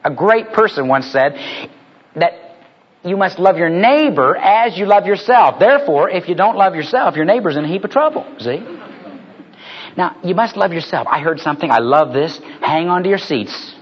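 Male preacher, high and husky, animated storyteller, dull lo-fi recording. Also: moderate pace. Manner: animated storytelling, building to punchlines. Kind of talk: sermon with humorous stories.

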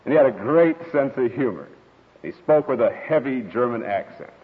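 Tinny-sounding preacher man, lively pitch. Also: normal speed. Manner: storytelling, expressive with quoted voices. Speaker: pastor. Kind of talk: sermon. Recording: tinny radio broadcast with long hall reverb.

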